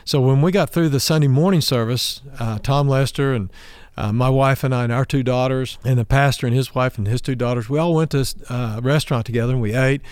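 A middle-aged man from Oklahoma delivers a sermon as a long personal story. He voices each speaker in his tale, lifting his pitch for the quoted lines. The recording is dry and close, and his voice sits at a middle pitch. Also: fairly quick, a little mellow, smooth, no echo. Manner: acts out dialogue in his stories, raising his voice for the quoted lines. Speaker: pastor.

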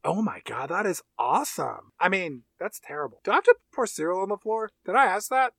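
A flippant, self-absorbed woman, put on by a man with a high, gravelly voice and a sarcastic, mocking delivery. The voice sits close and dry. Every word is careless and gushing. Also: sing-song, brisk, fairly bright tone, no room sound, exaggerated voice.

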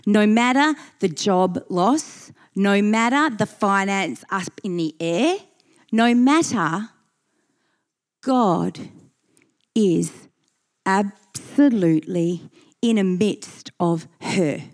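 A woman preaching with earnest emphasis, reading scripture aloud and repeating key phrases. She takes her time, letting each line land at an unhurried pace, her voice sitting in a mid range. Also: mid-range voice, lively intonation. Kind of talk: sermon.

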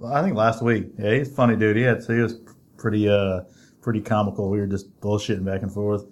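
A man hosting a casual interview, relaxed and slangy, laughing along with his guest. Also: fairly low pitch, a little fast. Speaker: podcast host.

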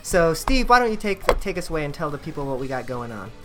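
A man's voice: on the high side, very animated, quick pace. A chatty male podcast host with an easygoing, upbeat delivery. He talks loosely over a faint bed of music. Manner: upbeat, chatty, laughs easily. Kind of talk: casual podcast chat.

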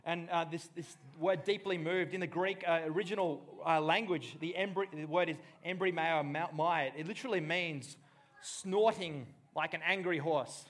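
Impassioned male preacher, fairly high voice. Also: normal speed. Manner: impassioned, swings from hushed to loud bursts. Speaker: pastor. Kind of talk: sermon.

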